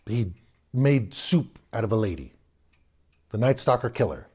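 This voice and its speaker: A man's voice: on the low side, sing-song, unhurried, mellow, breathy edge. Wry man telling a personal story. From Los Angeles area. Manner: wry, rambling, with repetitions and restarts.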